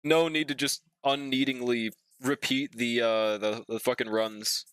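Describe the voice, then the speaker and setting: Smooth-voiced casual streamer guy. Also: medium pitch, little pitch movement, a little slow, a bit bright, dry recording, clean studio sound. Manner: laid-back, slangy, swears, hums and scats while waiting. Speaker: streamer reading chat. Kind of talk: casual live-stream chat while playing.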